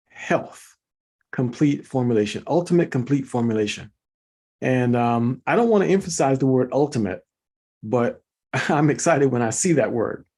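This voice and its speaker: A man's voice: mid-range voice, a little mellow. A man hosting an informal online presentation, talking viewers through slides with enthusiasm, repeating words for emphasis and calling them folks. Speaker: host presenting product commentary.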